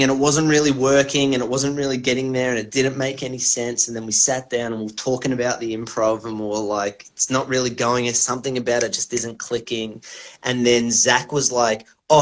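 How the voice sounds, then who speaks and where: Aussie comedian bloke rambling thru a story, laughs and swears a lot, casual podcast chat. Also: male voice, mid-range voice, a bit bright. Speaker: comedian guest.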